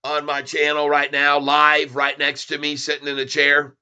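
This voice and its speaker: Male streamer, casual, chuckly, talks straight to viewers, fairly high voice. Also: completely flat delivery, moderate pace, pushed and bright, clear, resonant tone. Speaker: stock livestreamer. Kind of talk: casual livestream, reading chat aloud.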